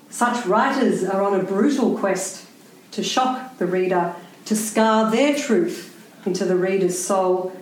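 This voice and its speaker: A woman writer giving a prepared talk to a live audience, speaking in a wry, deliberate and pointed way. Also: medium pitch, darkish tone, slight background noise. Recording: very echoey room.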